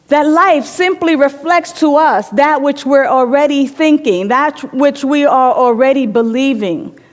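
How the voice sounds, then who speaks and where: A woman's voice: high voice, long reverb tail. A woman giving an inspirational sermon in a reflective manner, telling stories and repeating phrases for emphasis. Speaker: inspirational speaker.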